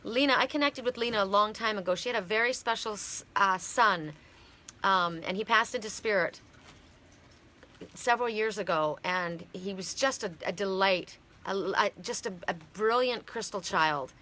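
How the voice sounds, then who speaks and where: A middle-aged woman from Canada giving a heartfelt, halting oracle card reading on a live stream. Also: mid-range voice, bright, forceful tone.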